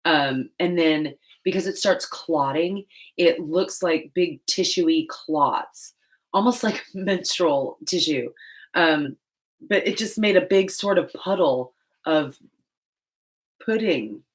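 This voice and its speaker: A woman's voice: sits low, takes it slowly. A woman vlogger chatting casually while painting, rambling and laughing often.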